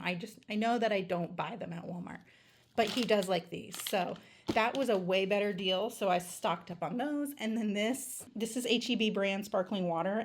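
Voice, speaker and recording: A chatty woman with a drawl talks into her phone camera in her home kitchen, a bit breathless. Her talk rambles along with fillers and light laughs, in a middle-pitched voice. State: a little out of breath. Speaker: vlogger. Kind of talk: casual chat. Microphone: handheld phone camera.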